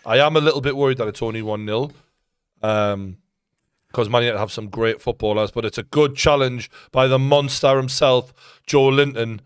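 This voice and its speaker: A man's voice: mid-range voice, moderate pace, smooth, dry recording, studio quality. Chatty Geordie man commentating live football. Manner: chatty, opinionated, bursts into shouting at big moments. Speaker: co-host of live football watchalong. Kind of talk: casual live match commentary.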